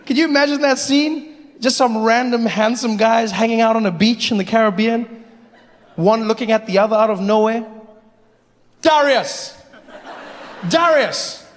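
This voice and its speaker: A man doing live stand-up comedy in an animated style, often breaking into voices and shouts. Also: very high-pitched, moderate pace. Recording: live hall reverb, audience noise.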